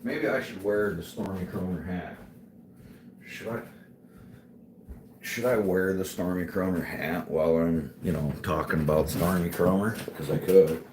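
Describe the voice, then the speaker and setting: Male streamer, low mellow voice, unhurried and profane, faint room hum. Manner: laid-back, profane, joking, reads chat aloud. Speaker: livestream host chatting with viewers. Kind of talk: casual live-stream chat.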